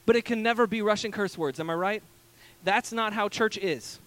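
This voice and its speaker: Guy pastor telling stories in his sermon, high voice, bouncy, lots of ums, acts out what people said. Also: fast. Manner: animated, acts out quoted voices, many fillers. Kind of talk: casual storytelling sermon. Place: church stage.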